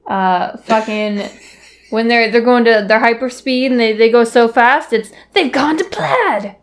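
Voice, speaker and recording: A woman's voice: fairly high pitch, expressive, takes it slowly, long pauses. Young woman cohost, casual chat, cusses a ton, quotes movies. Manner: swears often, quotes movie lines in silly voices. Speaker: podcast co-host.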